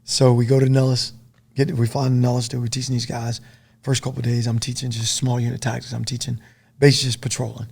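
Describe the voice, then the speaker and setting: A middle-aged man and former soldier, a podcast guest telling stories in a casual, profane, animated way. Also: medium pitch, fast, vocal fry, slightly rough. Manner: profane, animated storytelling full of dude and man.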